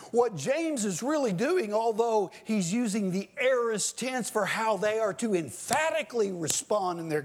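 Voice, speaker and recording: A man delivers a sermon in a high voice that leaps and falls with lively expression. He takes his time, leaning hard on key phrases, then sinking into low, quiet asides as he addresses his listeners directly. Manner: emphatic preaching that swings between loud declaring and low, quiet asides. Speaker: preacher.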